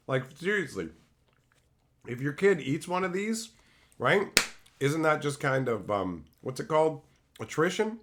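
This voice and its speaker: A man chats casually on a livestream, riffing on viewer messages with crude, profane jokes. His voice is a little high, bright, and sing-song, with an unhurried pace and long pauses. There's slight background noise.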